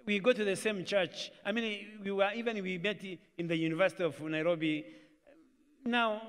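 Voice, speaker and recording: A man's voice: high-pitched, fairly bright tone. A man with a Kenyan accent preaching to young people, mixing Swahili phrases into his English and acting out family conversations. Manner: mixes Swahili into English, acts out family dialogues. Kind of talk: sermon. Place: church hall. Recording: church live stream with long reverb.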